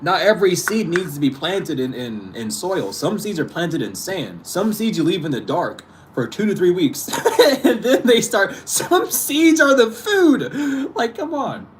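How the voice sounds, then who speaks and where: Young male host, profane casual rant, lively swooping voice, slightly high. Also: normal speed, slight background noise. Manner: exasperated, profane, laughing often. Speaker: spiritual channel host. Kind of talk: casual ranting monologue.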